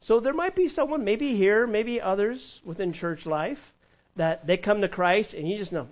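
A male pastor delivers a conversational sermon in a church. His voice sits a little higher than most men's. He swings between emphatic, raised lines and soft, hushed asides. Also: moderate pace, rough recording. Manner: animated, conversational preaching with sudden drops to a hush.

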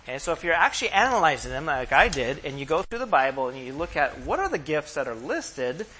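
A man pastors a congregation in an emphatic sermon, his voice bright and forceful and sitting a little high. He slows down to read verses aloud and keeps turning to the room with questions. A faint hum of the room sits behind him. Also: very animated. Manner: addresses the congregation directly with questions.

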